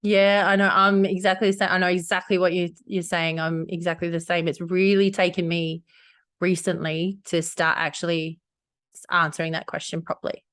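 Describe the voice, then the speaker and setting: A woman co-hosting a podcast in casual chat, warmly affirming and agreeing. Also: lowish voice, little pitch movement, moderate pace, smooth. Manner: supportive, frequent affirmations. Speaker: podcast co-host.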